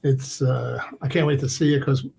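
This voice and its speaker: A man guest on a talk show, talking casually with a relaxed, halting manner. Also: medium pitch, vocal fry, slight background noise. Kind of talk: casual chat.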